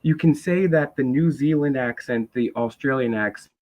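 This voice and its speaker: A man's voice: medium pitch, normal speed, darkish tone. Nasal, hyped-up Rhode Island man. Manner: rambling, hyped up, restarts a lot. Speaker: host. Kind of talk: live stream conversation. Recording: dull lo-fi stream audio.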